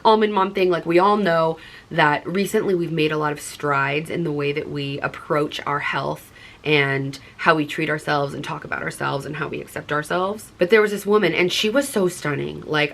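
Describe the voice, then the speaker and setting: Speaking to her viewers with a deep yet slightly bright voice, a young adult woman vlogger opens up casually and earnestly. The confessional chat to camera is chatty and heavily sprinkled with "like."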